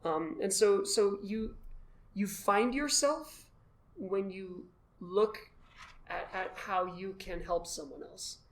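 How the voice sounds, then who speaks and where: A man as the guest, telling his story in an animated, self-deprecating way and acting out his own past thoughts. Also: high-pitched, slow. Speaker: guest, costumed charity volunteer. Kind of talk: casual storytelling in a conversation.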